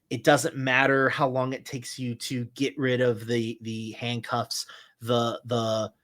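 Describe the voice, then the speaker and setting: A man narrating a tabletop horror game as game master, with many halting restarts and fillers. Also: medium pitch, a bit bright.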